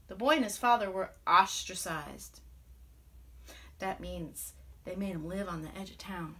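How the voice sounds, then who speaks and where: A woman music teacher telling a children's story aloud, animated and expressive, with playful sound effects. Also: medium pitch, unhurried. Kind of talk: storytelling to children with ukulele song.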